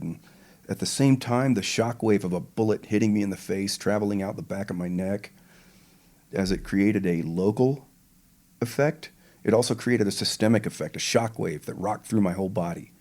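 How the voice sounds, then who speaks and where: An older man, a retired pararescueman, retelling his combat experience as a podcast guest in a slow, measured and vivid way. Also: sits low, darkish tone. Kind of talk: interview storytelling.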